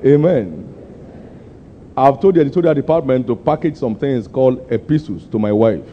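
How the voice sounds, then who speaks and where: An older man preaching a sermon, pushing his people for answers and climbing to sudden high, emphatic peaks. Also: animated, moderate pace, a little hiss or hum. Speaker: pastor. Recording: muffled lo-fi sermon recording.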